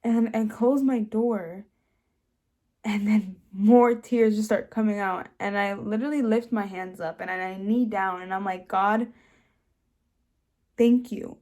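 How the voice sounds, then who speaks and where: A woman's voice: mid-range voice, fairly even intonation, measured pace, mellow. A young woman telling her personal testimony in a casual, earnest way, full of fillers and restarts. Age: young adult. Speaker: host sharing her testimony.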